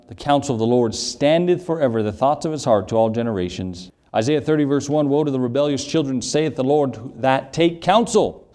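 A man's voice: medium pitch, darkish tone. Man preaching an emphatic sermon. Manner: emphatic preaching, reading scripture aloud, rhetorical questions. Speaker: pastor.

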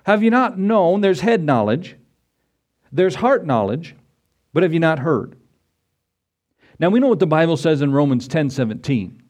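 A man preaching to his congregation in a folksy, conversational way. His voice sits a little high for a man, and he drifts into acted-out quotes and short stories to make his point. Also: big pitch swings, normal speed, long pauses, darkish tone. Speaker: pastor. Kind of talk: sermon.

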